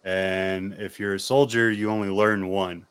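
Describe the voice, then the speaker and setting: A man's voice: deep voice, flat delivery, unhurried, fairly bright tone, smooth. A man with an American accent, a podcast guest, explaining things earnestly in casual conversation.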